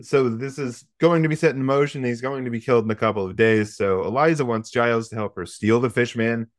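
Speaking fairly quickly at medium pitch, a man recaps a movie's plot on his podcast. The sound is dry and studio quality, and his take is casual, wry, and profane, peppered with jokes.

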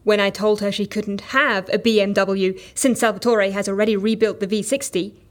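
An actress playing an exasperated, straight-laced office worker who speaks in a flustered, incredulous way. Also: female voice, medium pitch, steady tone, normal speed, natural voice.

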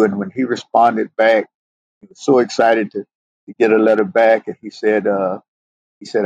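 A man's voice: on the low side, fairly even intonation, brisk, vocal fry, darkish tone, no room sound, lo-fi sound. A middle-aged man, a police sergeant, earnestly telling a personal story as a podcast guest, often saying "you know". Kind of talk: heartfelt storytelling interview.

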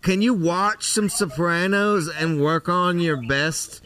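Bright high-voiced joking male host. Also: slow pace. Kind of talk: live show banter.

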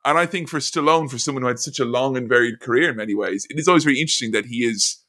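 A man's voice: mid-range voice, rapid-fire. A man hosting a podcast, telling stories in casual chat and slipping into impressions. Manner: animated storytelling, jumps into impressions. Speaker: podcast host.

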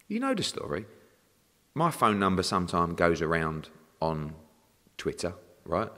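A man, a boxing promoter talking in a casual interview, animated and swearing freely as he rants. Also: low-pitched, measured pace. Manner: animated, swearing, ranting with acted-out exchanges. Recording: long reverb.

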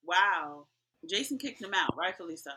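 A woman co-hosting a casual chat, talking in a playful, slangy, animated way. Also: on the low side, normal speed, husky. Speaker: podcast co-host. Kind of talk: casual chat recapping a reality show.

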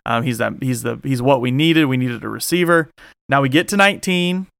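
A man's voice: medium pitch, a little fast, vocal fry, fairly bright tone, no echo. Guy hosting a sports podcast, rambly, lots of ums, dry close sound. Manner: rambling, many fillers. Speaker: podcast host. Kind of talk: casual sports chat.

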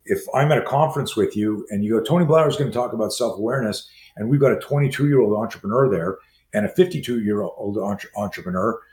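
A man in his sixties, a self-defense trainer, telling stories as a guest and acting out quoted dialogue in a lively way. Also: on the low side, slight background noise. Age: 60s. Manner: acts out quoted dialogue, fast lively delivery. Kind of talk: animated storytelling in conversation. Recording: roomy echo with faint ambience.

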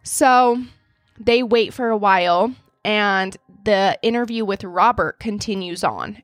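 Woman host, true crime podcast narrator, mid pitch, close dry sound. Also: no echo. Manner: steady storytelling, reading out quotes.

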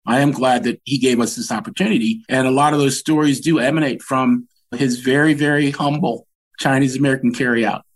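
A man in his sixties from Washington, DC, appears as a podcast guest, telling earnest, reflective stories about his upbringing and growing animated during anecdotes. His voice is medium-pitched and his pace a little fast.

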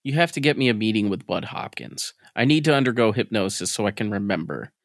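A man reading the part of a distressed man recalling a UFO encounter under hypnosis, in a halting, hushed first-person voice. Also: fairly low pitch, lively intonation, no echo, clean studio sound. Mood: insistent.

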